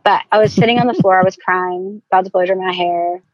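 Middle-aged woman chatting on a podcast, candid and lively, dull dry sound. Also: lowish voice, no room sound. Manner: animated, candid, quick storyteller. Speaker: podcast guest, entrepreneur. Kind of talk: casual interview storytelling.

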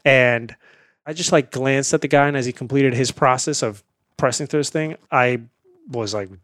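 A man from India, speaking as a guest in a casual interview. He tells his story in a lively, anecdotal way and laughs easily. The recording is dry and close, with a voice of middling pitch. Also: moderate pace, no echo.

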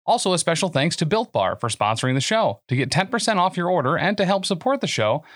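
A man's voice: fairly high pitch, very animated, fairly bright tone, no echo, clean studio sound. Man reading podcast promos. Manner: brisk scripted read of plugs. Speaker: podcast announcer. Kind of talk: read promo announcement.

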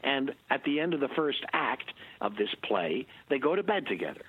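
An older man, a guest in an interview, telling anecdotes in a halting way with many restarts and chuckles. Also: mid-range voice, big pitch swings, breathy edge, no room sound, phone-quality sound. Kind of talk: rambling anecdotal conversation.

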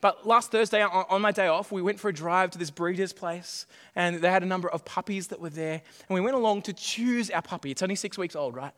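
Preaching with playful energy, this middle-aged pastor speaks in a fairly high voice, a little fast with few pauses, circling back to repeat his phrases and crack jokes. His words echo with a long reverb, suggesting a big church hall.

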